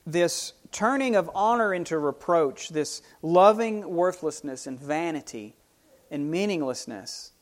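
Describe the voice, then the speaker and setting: A man delivering a sermon at a slow, deliberate pace. His voice sits a bit higher than most men's, and he often repeats words and restarts sentences as he works through his points. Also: expressive. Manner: unhurried, repeats and restarts phrases. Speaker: preacher.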